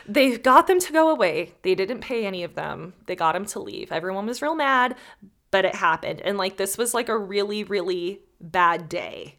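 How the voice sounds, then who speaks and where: A woman's voice: mid-range voice, normal speed. A woman hosting a podcast, telling a story in casual chat, acting out the people in it and swearing freely. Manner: animated, acts out characters and knocks, swears freely. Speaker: podcast host.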